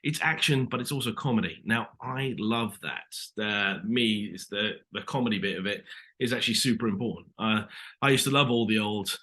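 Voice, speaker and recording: Bright-voiced British man telling stories. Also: fairly low pitch, moderate pace. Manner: chatty, lots of "you know" asides. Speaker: actor guest. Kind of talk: casual interview storytelling. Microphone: video call.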